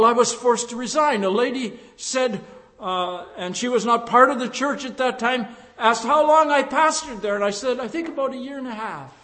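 An older man, a pastor, preaching a sermon in a slow, reflective way, with emphatic rises and hushed drops. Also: very high-pitched, big-room sound.

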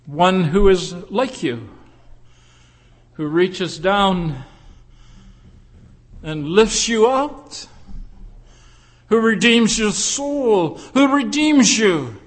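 Slow, high-voiced preacher in a reverberant hall. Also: male voice. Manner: slow, deliberate preaching with rhetorical questions. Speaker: pastor. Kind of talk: sermon. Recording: long reverb in a large hall.

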